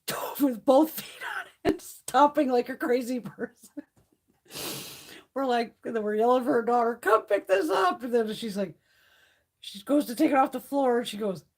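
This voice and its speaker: A middle-aged woman hosting a beauty livestream, chatting casually with viewers and telling stories full of swearing and laughter. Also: fairly high pitch. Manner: profane, laughing storyteller. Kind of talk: casual chat with live viewers.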